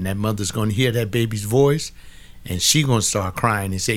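A man's voice: fairly low pitch, moderate pace. An older man, casually commenting on a book in a blunt, preachy way, often arguing with an imagined listener.

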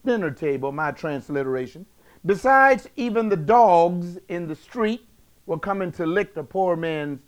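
A man preaching a sermon, emphatic and slangy, swinging between loud bursts and hushed asides. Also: high voice.

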